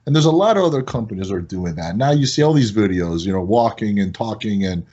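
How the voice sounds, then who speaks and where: Fast-talking and heard through a muffled recording, this man is a guest on a podcast. He owns a product company and tells casual, high-energy stories. His animated style sends his voice up high when he's excited.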